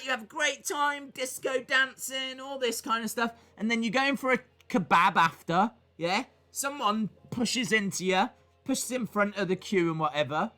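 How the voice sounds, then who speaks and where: A man hosts a casual live reaction stream, rambling from one joke to the next. His voice is bright and lively, swinging widely up and down as he acts out goofy voices. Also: high-pitched.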